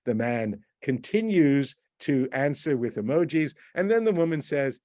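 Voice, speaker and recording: Brief: male lecturer, mid pitch, explanatory and repetitive, dry close-miked sound. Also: animated, moderate pace, hardly any pauses, darkish tone, dry recording. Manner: explanatory, repeats words, acts out quoted texts. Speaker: university lecturer. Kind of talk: recorded lecture.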